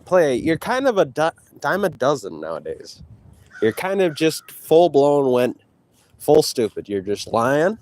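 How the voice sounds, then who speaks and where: A man's voice: fairly high pitch, sing-song, unhurried, darkish tone. A man vlogging outdoors while walking, taunting and boasting at a rival through a handheld phone. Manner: taunting, boastful, talks to a rival between breaths. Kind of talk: trash-talking walk vlog. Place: outdoors on a walk.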